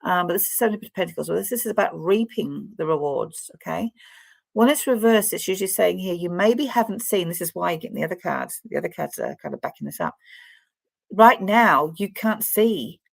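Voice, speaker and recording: A woman with a lowish, gravelly voice talks through a tarot card reading, chatty and rambling, speaking straight to the listener. The sound is dry and close, with no room echo. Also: expressive, a little fast. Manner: chatty and rambling, addresses the viewer directly. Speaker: tarot reader.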